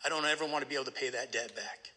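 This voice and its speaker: A man speaking at a recovery meeting, telling a personal story in an animated way and often asking "right?". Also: medium pitch, very fast, big-room sound.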